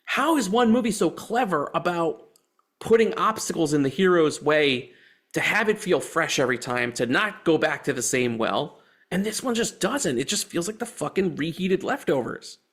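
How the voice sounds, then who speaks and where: A young man co-hosts a casual movie review chat, venting with exasperated, profane energy. His voice sits slightly high for a man, and he swings between quick bursts and sarcastic asides. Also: expressive, a bit bright, husky. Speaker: co-host.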